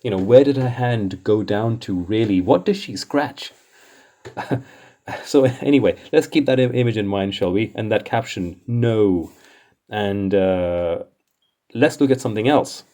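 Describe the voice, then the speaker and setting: A man talks through comic books in a casual commentary, his low voice dark and mellow. He sounds exasperated and chuckles often as he goes. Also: a little slow.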